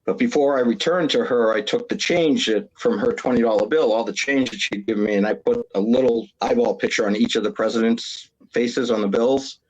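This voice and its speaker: A man from Massachusetts, a retired police officer, tells a prank story on a podcast. His voice sits at an ordinary middle pitch, and he tells it with animation, acting out the voices of other people in it. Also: brisk, hardly any pauses, slightly rough, poor audio.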